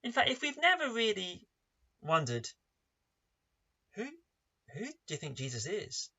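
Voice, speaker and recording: Male preacher, high lively voice, emphatic sermon style, dull lo-fi recording. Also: unhurried. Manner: emphatic, asks many rhetorical questions. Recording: dull lo-fi online service recording.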